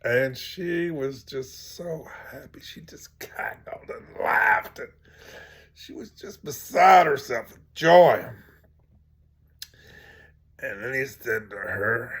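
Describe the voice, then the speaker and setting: A man's voice: medium pitch, takes it slowly, fairly bright tone, husky. A man teaching by telling a story in a rambling way with many fillers, sometimes dropping to a near-whisper. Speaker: teacher of tantric practice.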